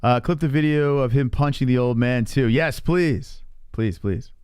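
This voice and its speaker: A man's voice: medium pitch, measured pace, a little mellow, smooth, no room sound, studio quality. A man hosting a live stream, chatting casually and teasing his chat with lots of swearing. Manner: profane, teasing, rambling with restarts.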